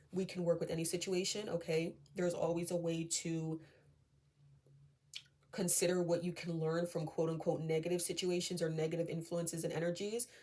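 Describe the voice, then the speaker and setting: A woman with a lowish, mellow voice gives a casual tarot reading to her viewers. She talks in a chatty way, full of fillers, and keeps reassuring them and checking in with a quick "okay?". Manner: chatty, many fillers, often asks okay?; reassuring and calming. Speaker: tarot reader.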